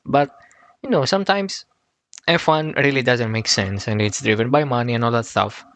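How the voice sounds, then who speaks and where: A man hosts a podcast in a halting, filler-heavy way. His voice is dry and close, with no room sound. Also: mid-range voice, no room sound. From Greece. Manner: hesitant with many "uh" and "um", jumps to excited exclamations. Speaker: podcast host. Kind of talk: casual podcast chat.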